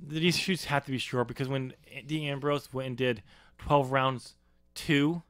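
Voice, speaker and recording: A man co-hosting a casual wrestling podcast, relaxed and talkative, explaining his ideas at length and laughing easily. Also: medium pitch, measured pace, clean tone, no echo. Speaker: podcast co-host. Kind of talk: casual chat.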